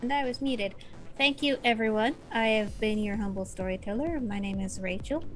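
A woman's voice: on the high side, moderate pace, faint music behind. A woman running a streamed tabletop game as storyteller, chatty, with frequent fillers as she wraps up.

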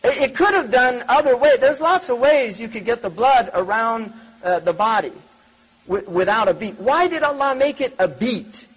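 Male religious lecturer, very high voice with a breathy edge, chatty and digressive, keeps asking the audience questions. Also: expressive, moderate pace, a bit bright, rough recording. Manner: conversational, digressive, frequent rhetorical questions. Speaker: Islamic scholar lecturing.

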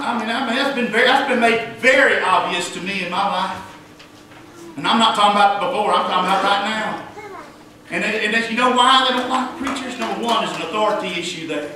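A man preaching a fervent sermon as pastor, building to loud cries. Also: sits high, a little hiss or hum. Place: church sanctuary. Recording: echoey church heard from a distance.

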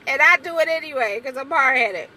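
A young adult woman vlogging from inside a car, chatting casually and playfully with her viewers, breaking into high exclamations. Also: lively intonation, brisk, pushed and bright, slight background noise.

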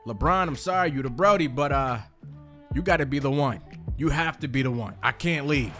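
A man giving hyped gameplay commentary, shouting and trash-talking at the game. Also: medium pitch, a little fast. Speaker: gaming video creator. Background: music.

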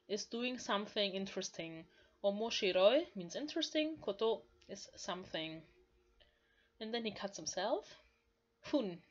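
Slow woman explaining Japanese. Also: medium pitch, dull audio. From Germany. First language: German. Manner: slow, careful explaining with frequent "like". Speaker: language learner teaching Japanese. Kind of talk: explaining manga lines.

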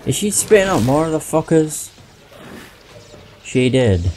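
A man's voice: a little high, very animated, measured pace, a little mellow, slight background noise. A man commenting casually on his gameplay, muttering to himself and swearing when frustrated. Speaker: gamer doing a playthrough.

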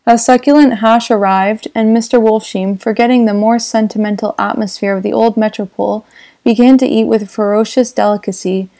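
Woman reading an audiobook, even and measured, soft mellow tone, a bit high. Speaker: audiobook narrator. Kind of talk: audiobook narration.

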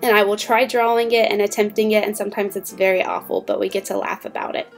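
A woman who teaches English online, giving upbeat, clear tips to fellow teachers. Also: medium pitch, flat delivery, quick pace, faint music behind. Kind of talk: instructional talk to fellow teachers.

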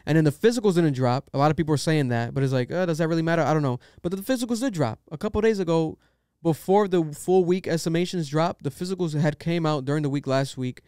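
Brief: young male podcast host, opinionated rambling rants, smooth clear voice, dry close sound. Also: a little high, quick pace, few pauses, mellow, dry recording. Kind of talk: casual podcast chat.

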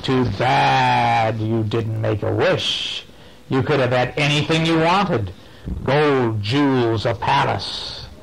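A man voicing a boastful male nightmare monster in a bedtime story, speaking slowly and gloatingly. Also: medium pitch, creaky, poor audio.

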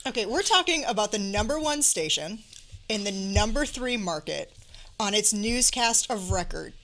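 A woman's voice: medium pitch, lively intonation, normal speed, sharp tone. A woman hosting a casual panel discussion, talking in a wry, questioning, conversational way. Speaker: host, journalism professor.

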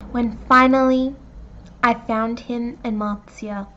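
A woman tells an emotional story time vlog in a high voice. She sounds earnest and hesitant, and the audio comes through dull and lo-fi, as if taken from a clip. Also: fairly even intonation, slow, slight background noise.

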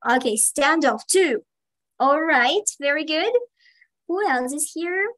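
A woman leads a live online English class for children, pitching her voice high above most women. She talks slowly and deliberately, then jumps up in pitch to stress key words, as if over a video call. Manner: slow, drawn-out teacher talk with sudden high, excited emphasis.

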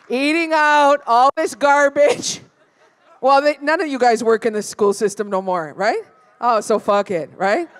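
A woman doing a stand-up set at a live venue, brash and profane, teasing the crowd. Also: high-pitched. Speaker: stand-up comedian.

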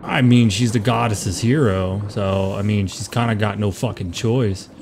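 A woman's voice: rumbling low, unhurried, creaky, background noise. A woman co-hosting a casual let's play, giving laid-back, dry commentary on the game. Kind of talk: casual gameplay chat.

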